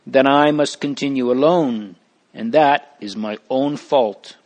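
A man's voice: medium pitch, slow pace, darkish tone, close to an everyday voice. A man voicing a humble, earnest male pilgrim who doubts himself, in a storybook reading.

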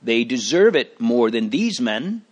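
A man's voice: medium pitch, sing-song, a little slow, darkish tone, highs cut off. A man voicing honest male bystanders in a storybook who urgently protest on behalf of innocent men.

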